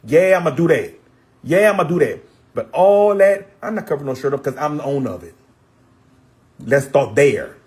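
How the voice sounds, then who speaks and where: Husky-voiced man in a heated rant. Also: a little high, very animated, moderate pace, pauses often, a little mellow. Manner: repetitive, blunt, profane. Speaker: social media personality.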